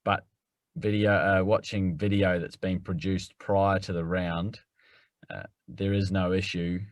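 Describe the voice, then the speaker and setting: A man's voice: low-pitched, flat delivery, a little slow, no echo. A man, the rules expert on a podcast, explaining things in a matter-of-fact way. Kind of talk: casual explanation.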